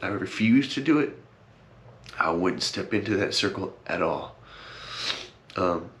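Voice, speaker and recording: A man's voice: sits low, expressive, measured pace, pauses often, fairly bright tone. A young man talking casually to his camera, rambling and earnest, with many fillers and repeated thanks, and teary at times. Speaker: vlogger. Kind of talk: casual heartfelt vlog talk.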